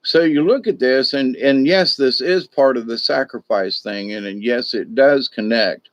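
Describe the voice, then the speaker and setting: A man's voice: medium pitch, unhurried, no room sound. A middle-aged man, hosting a casual spiritual talk in a rambling, folksy way that repeats itself. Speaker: spiritual discussion host.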